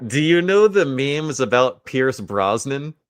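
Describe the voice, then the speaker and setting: A man's voice: mid-range voice, sing-song, unhurried, clear, resonant tone, no echo, clean studio sound. Laid-back man with swooping intonation. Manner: laid-back, teasing, crude banter. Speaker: host. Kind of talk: casual livestream chat.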